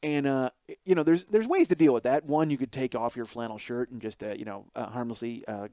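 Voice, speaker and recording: A podcast host in his forties tells a rambling, self-mocking comic story, acting out voices in his anecdotes. His medium-pitched voice is mellow and a little fast, with no echo.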